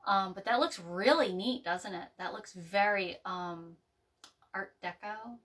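A woman chats slowly through a home craft session, rambling and restarting with plenty of ums. Her voice is bright and a bit sharp. She sits somewhat back from the microphone. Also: medium pitch, recorded from a distance. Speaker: craft video host. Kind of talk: casual live craft chat. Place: home craft table, indoors.

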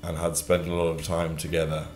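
A man's voice: extremely low pitch, monotone, a little fast. A young man in his thirties, comically grilling his father in a dry, probing way. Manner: dry, probing, mock-interrogating. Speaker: host. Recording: roomy with faint music.

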